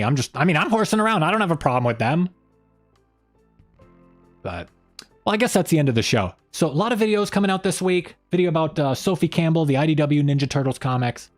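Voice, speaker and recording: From a home room by an open window, a fairly high-pitched man hosts a casual live-stream chat. His talk is rambling and self-mocking, and he tends to trail off.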